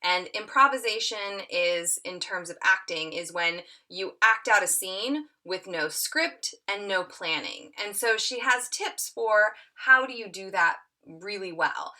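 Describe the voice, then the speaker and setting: A woman's voice: mid-range voice, animated, a little slow, few pauses, pushed and bright. A middle-aged woman teaching a tutorial, reading an excerpt aloud and acting out the quoted lines with lots of expression.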